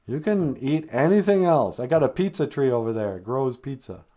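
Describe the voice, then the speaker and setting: A man's voice: mid-range voice, animated, moderate pace, warm tone, lightly acted. A man voicing an easygoing, fatherly creator god who talks in a casual, friendly way in a comic story. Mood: breezy.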